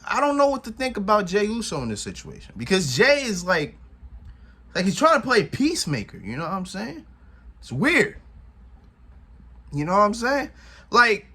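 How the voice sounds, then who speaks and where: A man with a slightly husky, somewhat high voice recaps a wrestling show in loose, casual commentary. He tells it with animation, acting out what people said and laughing often. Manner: animated retelling, acts out quotes, laughs often.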